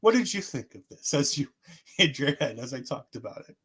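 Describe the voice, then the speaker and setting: A man co-hosting a podcast, recapping in animated, casual chat and acting out what others said. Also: medium pitch, fairly quick, breathy edge. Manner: animated storytelling, acts out quotes. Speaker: podcast co-host.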